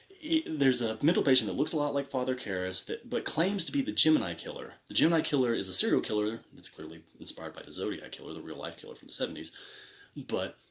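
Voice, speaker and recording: A man's voice: lowish voice, fairly bright tone. A man reviewing a movie in casual, rambling commentary, full of restarts and asides. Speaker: film reviewer.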